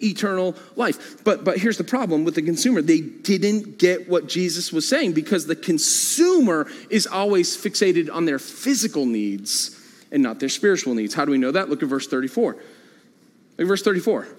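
A male pastor preaching a sermon in a church, with animated delivery and frequent repeated phrases. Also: a little high, moderate pace, in a large hall. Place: church sanctuary.

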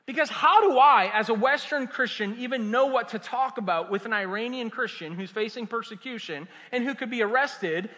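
A man, a pastor preaching a sermon in an animated, conversational and humorous way. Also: very high voice, moderate pace, hardly any pauses. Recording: echoey hall.

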